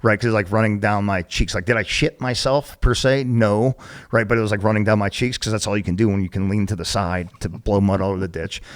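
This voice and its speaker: A retired Marine guest telling profane, animated war stories in casual chat, full of "like" and "right?". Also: male voice, fairly low pitch, fast talker. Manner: profane, animated storytelling with lots of fillers. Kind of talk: casual storytelling.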